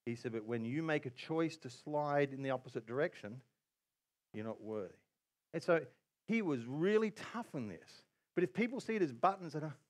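Male pastor, animated sermon delivery, lively and fairly high-pitched. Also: moderate pace. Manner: animated preaching with acted-out quotes.

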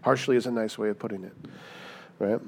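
A man preaching a sermon in a lively, conversational way, acting out the people he quotes and often asking "right?". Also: fairly low pitch, brisk, slight background noise. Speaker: pastor.

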